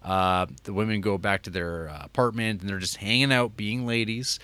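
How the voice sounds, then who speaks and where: Guy with a lowish voice rambling thru a movie plot, lots of ums, dry mic. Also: steady tone, normal speed, sharp tone, smooth, dry recording. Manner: rambling, filler-heavy recap. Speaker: podcast co-host. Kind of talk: casual film chat.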